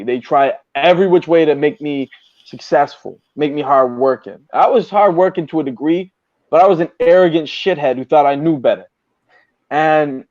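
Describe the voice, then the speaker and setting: A man tells stories in casual podcast talk, swearing freely and animated in his delivery. His voice sits a touch high. The recording is dry and a little muffled. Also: no echo. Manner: profane, animated storyteller. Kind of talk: casual storytelling chat.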